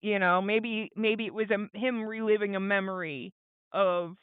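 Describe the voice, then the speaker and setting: A woman's voice: mid-range voice, fairly even intonation, a little slow, clean tone, no room sound. A woman co-hosting a podcast, agreeable and reflective, wondering aloud about a show. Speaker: podcast co-host. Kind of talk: casual recap chat. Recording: thin phone-like line.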